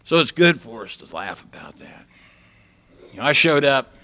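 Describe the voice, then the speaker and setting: A man's voice: mid-range voice, sing-song, normal speed, vocal fry, sharp tone. An older man speaking plainly and folksily to a recovery meeting, telling stories and jokes. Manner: folksy, plain-spoken, tells jokes and quotes others. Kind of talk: storytelling talk to a live group.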